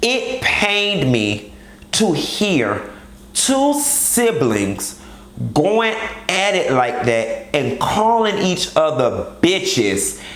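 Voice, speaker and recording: A man's voice: fairly high pitch, sing-song, drawn-out words, fairly bright tone, reverberant. Blunt, sassy male show commentator. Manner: blunt, sassy, speaks straight to the people on the show. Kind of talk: candid recap commentary.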